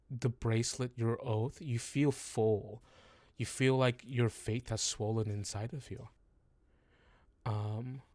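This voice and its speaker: A man narrating as game master of a tabletop game, halting and full of restarts, on a close, dry home mic. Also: mid-range voice, darkish tone, no echo.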